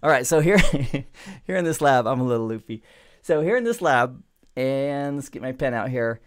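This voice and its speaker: A middle-aged network instructor gives a relaxed, chatty networking lesson in a screen-recorded tech tutorial, wandering into playful digressions. He speaks at a moderate pace in a mid-range voice.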